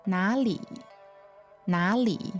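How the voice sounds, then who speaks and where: A woman teaching a language lesson, repeating phrases slowly and patiently. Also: medium pitch, faint music behind.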